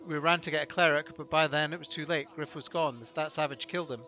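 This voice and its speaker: A man's voice: fairly high pitch, fairly even intonation, fast talker, sharp tone, muffled recording. A man voicing an indignant male witness in a video game.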